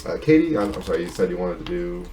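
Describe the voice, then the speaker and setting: A man narrating as game master for a tabletop game, halting and full of fillers. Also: big pitch swings, vocal fry, mellow, reverberant, distant mic, faint music behind. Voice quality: deep, hesitant with many fillers.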